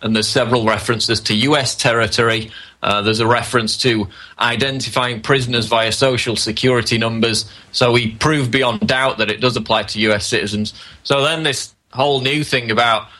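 A man, a guest writer, explaining a document in a steady, matter-of-fact way. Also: mid-range voice, normal speed. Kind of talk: explanatory commentary.

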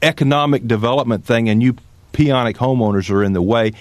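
A man appearing as a guest on talk radio, telling stories in an animated way and cracking sarcastic jokes. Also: medium pitch, brisk, no room sound.

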